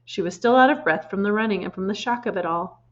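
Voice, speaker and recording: A woman reading a children's storybook aloud in an expressive way, pointing out the pictures as she goes. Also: mid-range voice, fast talker, lo-fi sound.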